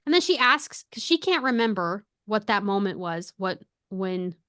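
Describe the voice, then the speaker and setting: A young adult woman co-hosting a podcast, casually retelling a story with lively quoted dialogue. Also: mid-range voice, normal speed, clean tone, no room sound, clean studio sound. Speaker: podcast co-host. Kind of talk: casual book discussion.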